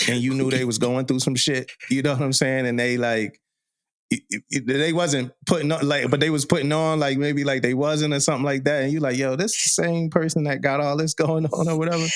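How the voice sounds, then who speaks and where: A man's voice: mid-range voice, steady tone, fairly quick. A man hosting a podcast in loose, casual chat, rambling with lots of fillers and slang. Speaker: podcast host.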